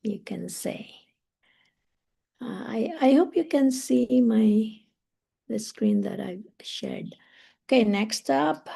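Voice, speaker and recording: A woman teaching English on a live stream, relaxed and thinking aloud, slowing down on each phrase she teaches. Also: a little high, vocal fry, slightly rough.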